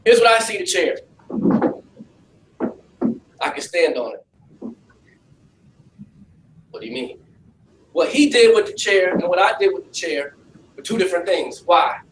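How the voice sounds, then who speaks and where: Male pastor, high voice, lively streetwise preaching; distant mic in an echoey room. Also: unhurried, pauses often, a little hiss or hum. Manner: streetwise, animated, talks with the audience. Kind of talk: preaching to young people in a facility.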